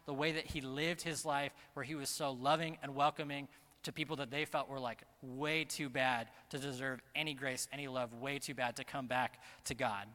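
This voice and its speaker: A man preaching a sermon as pastor, earnest and emphatic, slowing down to stress key phrases. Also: on the high side, pushed and bright. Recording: long reverb of a large hall.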